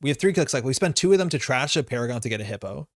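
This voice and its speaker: A man talks his way through a live card game, weighing each move out loud with loose, casual phrasing. His voice sits at an everyday middle pitch, and the sound is dry and close, with no room echo. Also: expressive, racing. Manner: thinking aloud, casual, with frequent fillers. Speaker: streamer playing a card game. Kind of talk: live gameplay commentary.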